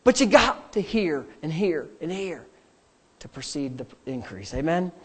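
A male pastor preaching a sermon, repeating phrases for emphasis and at times dropping to a quiet, prayerful tone. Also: fairly high pitch, expressive, measured pace, slightly rough.

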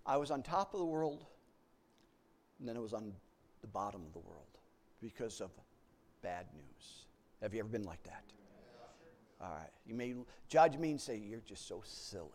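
A man preaching, telling a story from his own life, swinging between hushed low passages and loud excited outbursts, often repeating words as he restarts. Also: moderate pace, pauses often. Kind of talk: sermon storytelling.

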